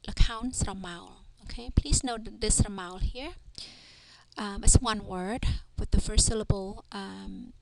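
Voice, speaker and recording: A woman teaching a reading lesson, sounding out syllables one by one in a slow, deliberate way. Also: mid-range voice, vocal fry, noisy background. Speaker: language teacher.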